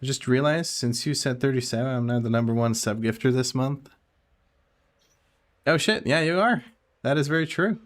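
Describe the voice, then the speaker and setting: A man's voice: medium pitch, moderate pace, pauses often. A young man chatting casually while streaming a game, reading and answering chat with frequent laughter.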